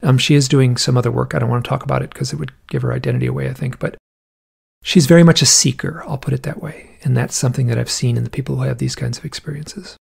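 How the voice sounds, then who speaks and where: Male guest, storyteller; gravelly, husky voice; animated delivery. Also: mid-range voice, fast talker. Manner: animated storyteller, acts out quoted people in a raised voice. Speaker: podcast guest. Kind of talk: storytelling in casual conversation.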